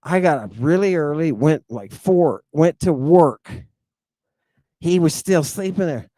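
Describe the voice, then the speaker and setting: Lively, animated man spinning a yarn. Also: a little high, unhurried, no echo. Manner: animated, slangy, peppers lines with "right?" and "baby". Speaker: podcast host. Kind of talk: casual storytelling monologue.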